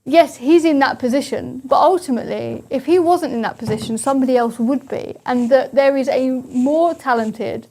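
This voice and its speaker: A woman's voice: sits high, normal speed, hardly any pauses, warm tone, slight background noise. A young woman, a talk radio guest speaking earnestly and opinionatedly. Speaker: studio guest.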